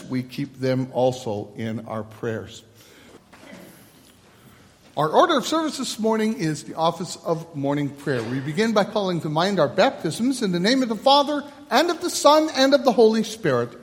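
A man leading a church service as pastor, moving from halting announcements to measured liturgical recitation. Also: high-pitched. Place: church sanctuary. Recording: long church hall reverb.

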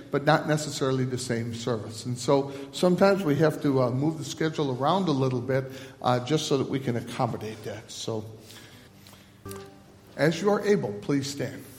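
A man, a pastor, leading a church liturgy, first with halting announcements, then in a measured liturgical cadence. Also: fairly high pitch. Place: church sanctuary. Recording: long reverb of a large church.

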